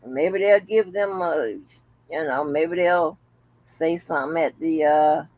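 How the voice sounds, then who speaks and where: A woman's voice: low voice, takes it slowly, a little mellow, no echo, lo-fi sound. A woman hosting a casual commentary vlog, chatting bluntly and jokingly to her viewers with plenty of profanity. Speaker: channel host.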